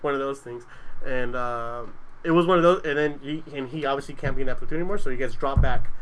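A man's voice: mid-range voice, quick pace, background noise. A young adult man telling stories in casual chat, rambling and profane, with lots of restarts.

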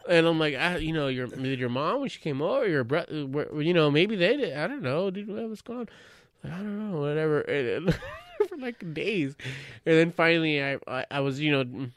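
A man's voice: fairly high pitch, very animated, moderate pace, a bit bright, no echo, studio quality. A man hosting a podcast, telling rambling stories full of filler words and swearing, and laughing often as he talks. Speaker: podcast host. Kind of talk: casual podcast chat.

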